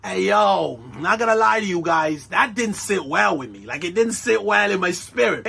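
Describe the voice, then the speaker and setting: A man giving casual, animated recap commentary on a reality show, full of slang and laughing asides. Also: high voice, moderate pace, vocal fry, husky. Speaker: reaction vlogger.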